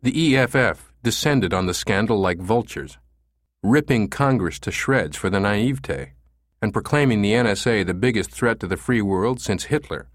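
A man reading a novel aloud as an audiobook narrator, with a steady, measured storytelling delivery. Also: on the low side, no room sound, clean studio sound. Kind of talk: scripted narration.

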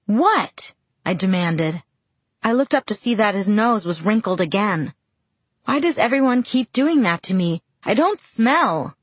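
A tearful teenage girl who pleads in a higher, strained voice, as a woman reading a storybook puts her on. The voice has a husky grain, and the sound is close and dry. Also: expressive, a little slow, no room sound. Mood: indignant.

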